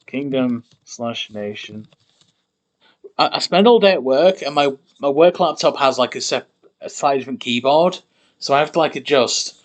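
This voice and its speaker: Building a constructed language live on stream, this man speaks at a moderate pace in a mid-range voice that stays animated. He types while thinking aloud, repeating and muttering words to see how they work.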